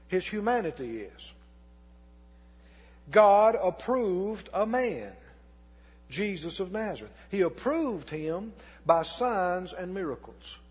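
A man preaching a sermon as pastor, reading scripture slowly and putting questions to the congregation that he answers himself. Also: high voice, husky. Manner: reads scripture slowly and deliberately. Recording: long hall reverb, dull lo-fi sound.

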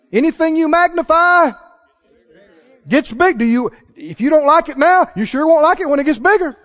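A man's voice: very high-pitched, animated, moderate pace, fairly bright tone, highs cut off. A man preaching a sermon with emphatic, repetitive phrasing that rises to exclamations.

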